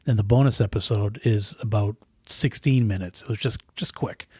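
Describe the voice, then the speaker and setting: A man's voice: fairly low pitch, moderate pace, darkish tone, slightly rough, dry recording, clean studio sound. A man chatting casually on a podcast, rambling with many restarts and repeated words. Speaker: podcast guest. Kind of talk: casual chat. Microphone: podcast microphone close up.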